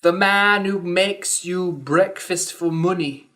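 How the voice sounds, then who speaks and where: A woman's voice: lowish voice, slow pace, fairly bright tone. A woman podcast host giving a scripted explainer lesson, with dry, wry asides between points.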